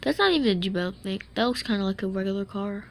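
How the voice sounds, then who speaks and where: A woman giving casual gameplay commentary, excitable and joking, with swearing and quick asides. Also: mid-range voice, creaky, a little hiss or hum. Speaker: mobile game streamer.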